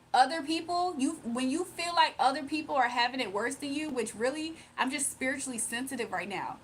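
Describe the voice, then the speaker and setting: A woman's voice: sits high, a little fast, hardly any pauses, a little hiss or hum. A young woman on a livestream, reading viewer comments aloud and answering them bluntly and confrontationally. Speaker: livestreamer giving spiritual readings.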